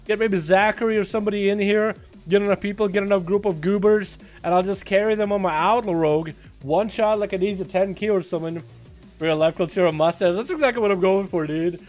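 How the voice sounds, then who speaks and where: Male game streamer with a high voice, cursing and hyped, loose livestream banter. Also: a little fast, faint music behind. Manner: profane, excitable, swings into loud outbursts. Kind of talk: casual livestream commentary.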